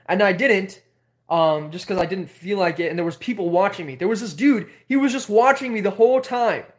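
A man hosting a livestream, telling a story casually in a rambling, animated way with many filler words. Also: sits high, a little fast. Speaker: host.

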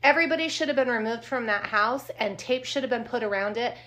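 Blunt, fiery woman with a bright voice. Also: a little high, quick pace. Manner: blunt, indignant, swears freely. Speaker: podcast co-host. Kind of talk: casual true crime chat.

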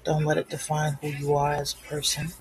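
A woman's voice: low voice, completely flat delivery, brisk, low-quality recording. A woman hosting her own podcast in a rambling, candid, casual way. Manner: rambling, candid, self-deprecating. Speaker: podcast host. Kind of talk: casual solo podcast chat. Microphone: home recording setup.

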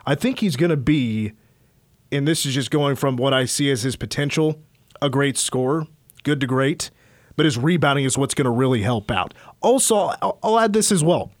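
A man's voice: mid-range voice, animated, normal speed, dry recording. A man on sports talk radio, breaking down a college basketball recruit in a detailed, stat-heavy, conversational way.

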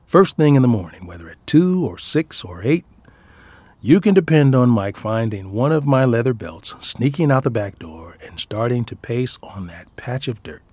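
A man's voice: mid-range voice, expressive, normal speed, darkish tone, husky, no echo. A father reading his own personal essay aloud in a reflective way, often dropping into a near whisper.

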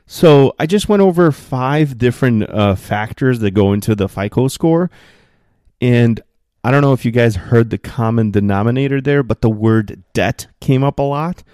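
A man's voice: mid-range voice, normal speed, no echo, clean studio sound. A man hosting a solo podcast from a spare room at home, talking loosely with lots of fillers and getting worked up as he goes. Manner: animated, gets worked up, many fillers. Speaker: podcast host.

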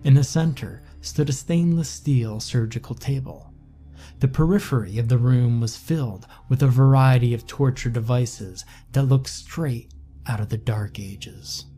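A man narrating a horror story in a slow, measured, somber scripted read. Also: medium pitch, mellow. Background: faint music.

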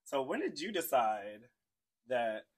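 A man's voice: mid-range voice, very animated, slow, breathy edge. A man co-hosting a casual podcast as interviewer, playful and joking with frequent laughter.

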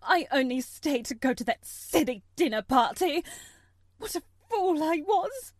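A woman's voice: sits high, sing-song, measured pace, no room sound, pitched above the performer's own voice. A woman voicing a frightened, elegant young mother who cries out and pleads in panic in a storybook reading. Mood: frantic.

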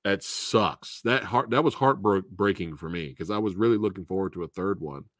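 A man hosting a casual movie review show, talking in an animated, profane and repetitive way and laughing often. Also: low voice, normal speed, no room sound, clean studio sound.

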